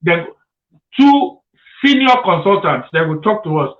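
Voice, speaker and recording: A man with a Nigerian Pidgin accent hosting a radio interview, animated and laughing as he talks. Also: high voice, unhurried, reverberant, dull audio. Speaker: radio talk show host.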